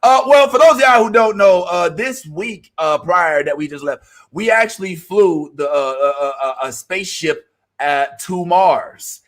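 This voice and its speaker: A man's voice: high-pitched, a little slow, fairly bright tone. A man with a Texan accent co-hosting a casual chat over a video call, laid-back and trailing off into mumbled asides. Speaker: podcast co-host.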